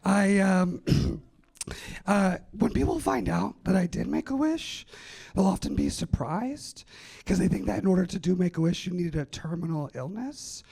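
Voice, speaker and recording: A man doing a stand-up set on a festival stage, with a raspy, gravelly voice and a dry, self-deprecating delivery. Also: high-pitched, lively intonation, normal speed, darkish tone. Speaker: stand-up comedian.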